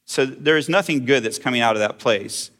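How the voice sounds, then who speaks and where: A man's voice: medium pitch, a little fast, a bit bright. A middle-aged man preaching a sermon in a conversational way, putting questions to his congregation. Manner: conversational, asks the audience questions. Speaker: pastor.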